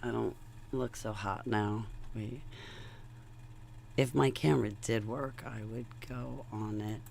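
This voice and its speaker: A woman's voice: extremely low pitch, steady tone, slow, gravelly, darkish tone, slight background noise. A woman vlogging in a casual, rambling, digressive monologue, chatty and talking to her viewers. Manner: rambling, chatty, digressive, laughs between thoughts.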